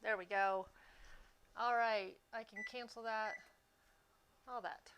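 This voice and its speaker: Chatty woman streaming her baking, higher voice. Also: steady tone, a bit bright, slight background noise. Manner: chatty, easygoing, quick to laugh. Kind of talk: casual chat while baking on a livestream.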